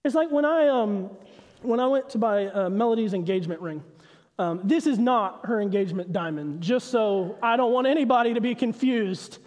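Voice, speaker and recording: A pastor in his thirties giving a sermon in a church, telling family stories in an animated way. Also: high voice, normal speed, long reverb tail. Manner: animated storytelling, acts out his son's confused voice. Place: church sanctuary.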